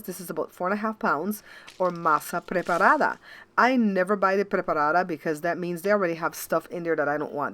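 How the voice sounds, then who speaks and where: A woman's voice: fairly low pitch, fairly bright tone. A middle-aged woman hosting a home cooking show, chatting casually to her viewers as she works in the kitchen and often checking in with them. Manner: chatty, talks straight to viewers with frequent checks like "okay?".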